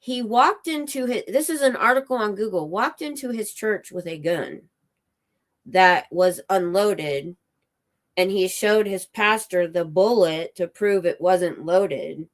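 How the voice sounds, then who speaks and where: A woman's voice: medium pitch, measured pace. Woman rambling through a story. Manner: rambling, breaks off to check details with her husband. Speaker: livestream host. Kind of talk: casual storytelling chat. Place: at home.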